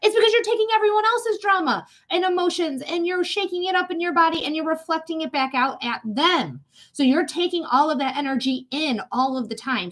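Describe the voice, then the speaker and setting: Young woman doing a live psychic reading, high voice, casual, swears a lot. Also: a bit bright. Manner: casual, blunt and swearing, talks straight to the viewer. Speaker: psychic reader.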